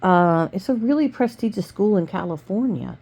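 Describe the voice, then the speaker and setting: A woman's voice: medium pitch, expressive, moderate pace, dark tone. A woman voicing an earnest, uneasy teenage boy in a read-aloud story.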